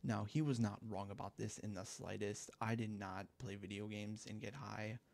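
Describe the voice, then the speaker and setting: A man's voice: lowish voice, fairly even intonation, moderate pace, creaky, darkish tone. A young man casually telling a story time, rambling and profane, with lots of filler words, on a headset mic at home. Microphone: gaming headset mic.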